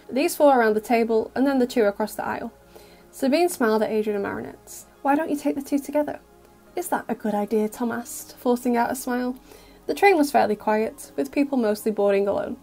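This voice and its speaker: Woman narrator for an audio fic, gentle and even, fairly high and mellow, faint music under her. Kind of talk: scripted narration.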